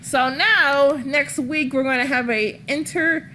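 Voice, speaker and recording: Bright-voiced woman hosting a wrestling podcast. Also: high-pitched, slow pace, slight background noise. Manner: rambling, profane storytelling; animated, laughs often. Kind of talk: casual chat.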